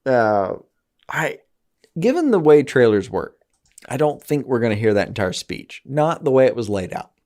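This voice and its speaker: A man co-hosting a podcast in loose, casual conversation. His pitch swings widely as he talks. He swears offhandedly and drops into quick mimicked voices when quoting people. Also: big pitch swings, a little mellow. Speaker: podcast co-host. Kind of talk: casual chat.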